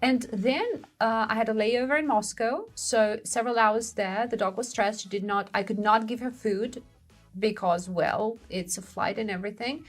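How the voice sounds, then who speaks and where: A young woman co-hosting a show, telling a story in a lively, exclaiming way. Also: fairly high pitch, normal speed, faint music behind. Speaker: co-host of a language-learning show. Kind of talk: casual conversational storytelling.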